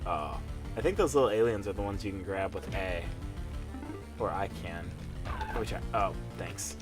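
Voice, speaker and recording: A man's voice: deep voice, animated, normal speed, music in the background. A man co-hosting a let's play, chatting casually and teasing his friend. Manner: joking, teasing, playful. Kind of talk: casual gameplay chat.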